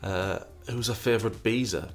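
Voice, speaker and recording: A man's voice: on the low side, moderate pace. A man hosting a casual question session, reading out viewer questions and mulling over each answer while often repeating himself. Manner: reads questions aloud, muses, repeats himself. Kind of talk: casual chat.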